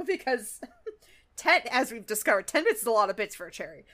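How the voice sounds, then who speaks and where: A woman co-hosts a podcast in a casual chat. Her voice is high and bright and swoops widely. She giggles a lot and swears freely. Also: sing-song, a little fast. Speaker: podcast co-host. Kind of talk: casual chat recapping a cartoon.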